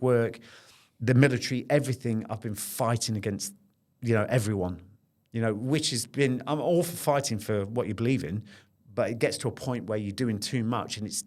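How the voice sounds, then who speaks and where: A middle-aged man speaking as a podcast guest, telling a personal story in an earnest, intense way and repeating phrases as he relives it. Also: medium pitch.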